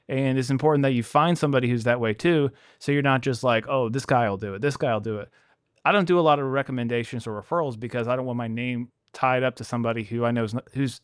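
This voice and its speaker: A man talks candidly in a casual podcast conversation about running his business, and he acts out the people he quotes. His voice is smooth and resonant, and the dry close mic adds no room sound. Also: medium pitch, no room sound. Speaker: podcast host, pressure washing business owner.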